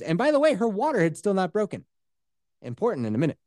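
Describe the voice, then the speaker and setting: A man's voice: high-pitched, wildly swooping pitch, quick pace, a little mellow, no room sound, studio quality. A man telling a story in casual chat, swearing freely and acting out the quotes.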